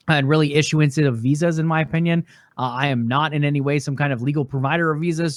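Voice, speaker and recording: A man with a slightly high voice walks listeners through gaming news on a podcast. He speaks in a relaxed, conversational way, with casual fillers between points. The recording is dry and close. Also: no room sound. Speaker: podcast co-host.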